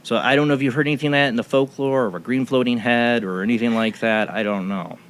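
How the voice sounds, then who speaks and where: A man's voice: mid-range voice, steady tone, quick pace, a little hiss or hum. Rambling male talk show host. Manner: rambling storytelling with many restarts. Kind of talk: casual radio talk show chat.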